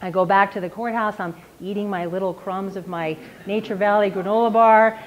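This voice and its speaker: A woman's voice: mid-range voice, steady tone, fairly quick, a little hiss or hum. A woman, a defense attorney, telling a personal story at a live storytelling event in a casual, self-mocking way, with frequent "like". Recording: slightly dull live recording with faint ambience.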